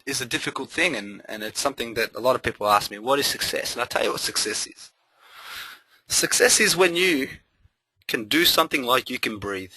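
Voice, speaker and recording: A man giving a live trading webinar, energetic and motivational, repeating phrases for emphasis. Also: mid-range voice, no echo, rough recording.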